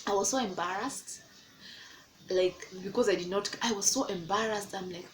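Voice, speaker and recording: Here a Kenyan-accented woman in her twenties, a vlogger, recounts a story at normal speed while playing the people involved, animated throughout and pitching quotes much higher. There's a little hiss or hum, and the recording is low quality.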